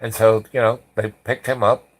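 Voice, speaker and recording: A man's voice: lowish voice, little pitch movement, moderate pace, rough recording. Man telling a rambling story, acting out quotes. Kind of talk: rambling anecdote.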